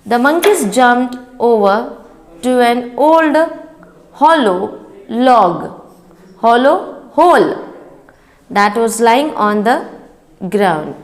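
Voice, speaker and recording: Woman teacher for a children's reading lesson, very slow and deliberate, pauses to explain words. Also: a little high, lively intonation. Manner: rereads lines and explains word meanings; chants sound words in a sing-song rhythm. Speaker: school teacher. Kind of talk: reading a story lesson aloud to young children.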